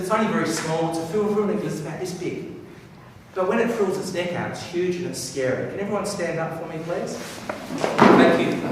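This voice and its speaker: A man giving an energetic, playful stage talk on body language to a live audience and directing them as he goes. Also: high-pitched, slight background noise. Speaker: professional speaker. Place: large hall with a live audience. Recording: echoey hall recorded from far off.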